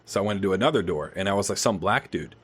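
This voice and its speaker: A man's voice: low voice, fast talker, breathy edge. A young adult man hosting a podcast, telling a story in casual chat with lots of swearing. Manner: animated storytelling, swears freely. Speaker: podcast host.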